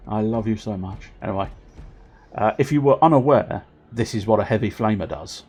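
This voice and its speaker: A man's voice: lowish voice, brisk, a little mellow, a little hiss or hum. A man streaming video games, chatting casually in a playful, rambling way and joking to himself. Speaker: game streamer. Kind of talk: casual gameplay commentary.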